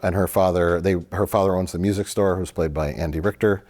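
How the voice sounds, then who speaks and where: A man's voice: sits low, steady tone, fairly quick, a little mellow. A man co-hosting a film review show, telling a long annoyed story in casual chat, acting out quotes and swearing freely.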